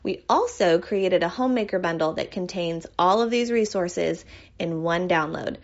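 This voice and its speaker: A woman reading a podcast announcement in a bright, upbeat way. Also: fairly low pitch, moderate pace, creaky, dull audio. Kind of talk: read announcement.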